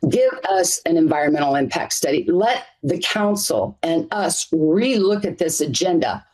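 A woman's voice: fairly low pitch, lively intonation, normal speed, a little mellow, rough recording. A middle-aged woman advocate answering interview questions earnestly, stacking up points in lists. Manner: earnest, emphatic, piles up lists. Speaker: interview guest, community advocate.

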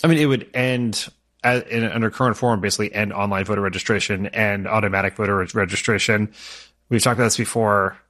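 Blunt, emphatic podcast co-host. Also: male voice, fairly low pitch, fairly even intonation, quick pace, a bit bright. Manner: emphatic, blunt, swears freely. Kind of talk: casual political podcast chat.

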